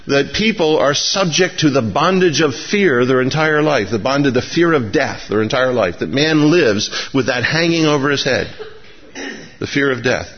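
A man preaching a sermon in a church, excitable and rising to emphatic appeals. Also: mid-range voice, moderate pace, slightly rough, muffled recording. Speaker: pastor. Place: church sanctuary.

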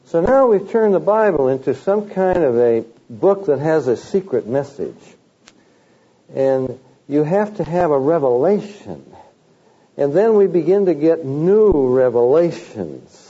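A man preaching a sermon, animated, with rising emphasis and mocking quotes of the teachers he criticizes. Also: on the high side, dull audio.

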